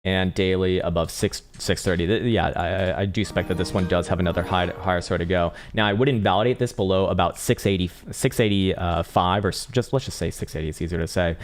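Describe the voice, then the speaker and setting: Low-voiced fast-talking man analyzing charts. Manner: rambling, many fillers and restarts, casual swearing. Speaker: crypto chart analyst and livestream host. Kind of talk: casual live chart commentary.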